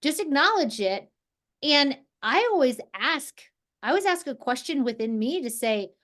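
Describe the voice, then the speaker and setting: A woman from New Jersey leading an energy healing group over a video call, talking in a relaxed, rambling way with many restarts. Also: sits high, moderate pace. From New Jersey, USA. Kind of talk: casual guided group talk.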